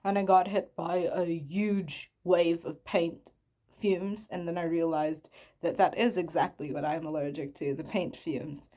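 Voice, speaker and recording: A woman's voice: on the low side, steady tone, a little slow, mellow. A young woman from the Philippines chatting casually to her viewers while she crafts, giggly and self-conscious, rambling as she goes. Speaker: vlogger.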